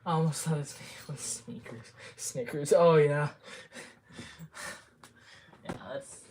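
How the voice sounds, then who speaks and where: A woman's voice: sits low, level tone, slow pace, darkish tone. A woman with a Minnesotan accent chatting on a casual livestream from home, cooing affectionately at her cat between chatty asides. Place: home room.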